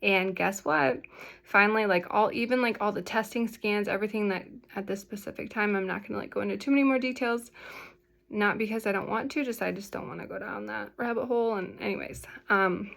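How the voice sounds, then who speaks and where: A woman's voice: mid-range voice, steady tone, a little fast, vocal fry, a bit bright. A young woman talking casually to the camera in a vlog, rambling and filling her speech with "like". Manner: chatty, rambling, full of "like" fillers. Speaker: vlogger sharing her health story.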